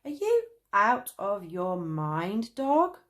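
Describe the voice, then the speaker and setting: A woman's voice: medium pitch, expressive, slow. A woman voicing a cross, tired young traveller boy who complains indignantly. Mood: annoyed.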